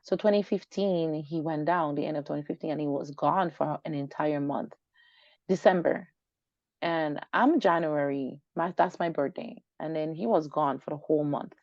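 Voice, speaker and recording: A woman speaking as a guest in a personal storytelling interview, her pitch sitting a little low. She tells her story in an animated way and plays out the voices in the conversations she recounts. The recording is dry, dull and lo-fi. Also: moderate pace, no echo. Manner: animated, acts out quoted dialogue.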